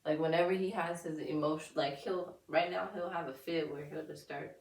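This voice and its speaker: A young woman talking casually on a podcast about raising her toddler son, candid and quick to laugh. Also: low voice, steady tone, a little mellow. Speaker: podcast co-host. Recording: echoey room, distant mic.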